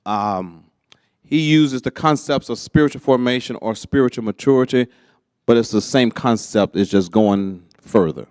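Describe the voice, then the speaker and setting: Guy running a church workshop, chatty teacher vibe, mid pitch, dry room. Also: normal speed, darkish tone, clear, resonant tone, no echo. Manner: checks understanding often, conversational. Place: church classroom.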